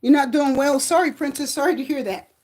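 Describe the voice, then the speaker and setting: A woman hosting a live tarot reading stream, chatting casually and greeting viewers by name in a sing-song, drawn-out way. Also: high voice, a little mellow.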